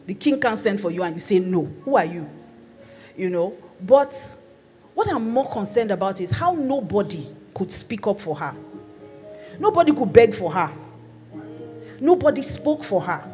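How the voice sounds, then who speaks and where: A woman's voice: medium pitch, sing-song, normal speed, pauses often, dark tone. A woman pastor preaching a sermon in a conversational, playful teaching manner. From Nigeria. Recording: long hall reverb with faint music.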